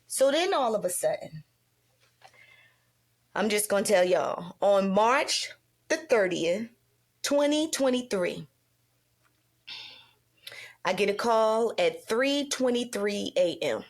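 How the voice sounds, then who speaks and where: Animated woman podcast host storytelling. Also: mid-range voice, slow pace, pauses often. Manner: animated, acts out quoted dialogue. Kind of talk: emotional storytelling conversation.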